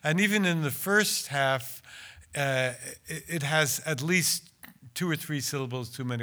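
An older man with a bright, forward voice lectures about translating poetry. He hesitates often, repeating words and restarting his sentences as he thinks aloud. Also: medium pitch. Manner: hesitant, stammering restarts in explanation, measured and declamatory when reciting. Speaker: translator giving a talk.

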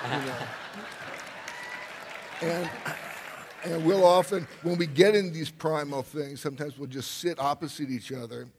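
Gravelly older man telling rambling stories. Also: fairly high pitch, slow, long pauses, a loud crowd, very noisy. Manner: rambling, laughs often, sudden loud bursts. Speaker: speaker on stage. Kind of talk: personal storytelling to an audience. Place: stage before an audience.

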